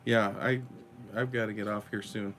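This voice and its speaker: A man's voice: fairly low pitch, fairly even intonation, moderate pace, a bit bright, slight background noise. A man joining his wife's late-night chat at home, laid-back, with short replies and chuckles. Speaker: host's husband. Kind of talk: casual chat.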